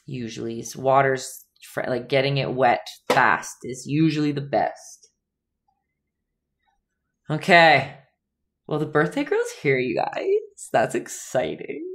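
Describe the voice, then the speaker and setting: Chatty low-voiced woman teaching painting. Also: a bit bright. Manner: chatty, talks to chat viewers while teaching. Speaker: painting instructor and livestream host. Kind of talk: casual livestream painting lesson.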